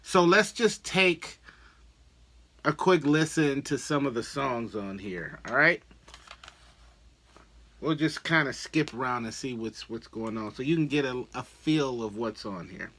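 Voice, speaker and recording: A man from Milwaukee telling a story about a record he collected, in a casual, animated way, acting out the dialogue he quotes. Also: mid-range voice, measured pace, a little hiss or hum.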